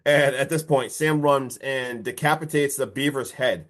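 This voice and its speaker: A man co-hosting a podcast, recapping a horror movie in casual, excitable chat full of fillers and mild swearing. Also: medium pitch, moderate pace. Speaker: podcast co-host.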